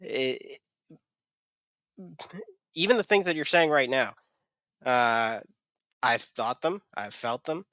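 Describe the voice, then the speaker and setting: A man speaking as a guest on a podcast, sharing hard personal memories haltingly, with many restarts. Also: medium pitch, sharp tone, dry recording. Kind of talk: candid personal conversation.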